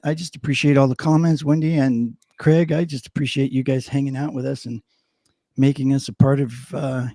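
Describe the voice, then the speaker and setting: A man's voice: mid-range voice, warm tone, no echo, clean studio sound. A middle-aged man co-hosting a live show, chatting casually with plenty of fillers and restarts, and slipping into a mock news-anchor delivery for headlines. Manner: rambling, many fillers and restarts. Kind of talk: casual live-stream chat.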